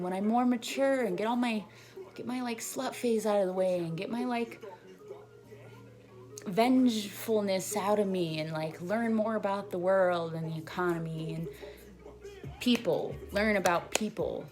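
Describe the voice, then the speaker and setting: A woman's voice: mid-range voice, a little slow. A young woman in her twenties telling a long, rambling personal story in a casual vlog, full of "like" fillers. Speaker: vlogger. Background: music.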